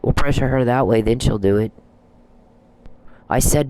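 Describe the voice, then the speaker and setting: A man's voice: mid-range voice, normal speed, warm tone. A man hosting a solo podcast, delivering an emphatic, repetitive and accusatory rant. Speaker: podcast host.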